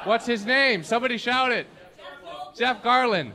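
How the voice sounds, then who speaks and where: A man's voice: very high voice, lively intonation, normal speed, very noisy. A man doing a rambling, self-mocking stand-up set, laughing as he goes. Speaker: stand-up comedian.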